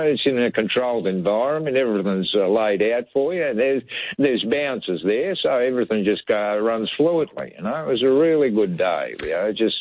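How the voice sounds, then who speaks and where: Australian man on a tinny phone line. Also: medium pitch. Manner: chatty, rambling, many fillers. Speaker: caller. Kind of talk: casual radio call-in chat.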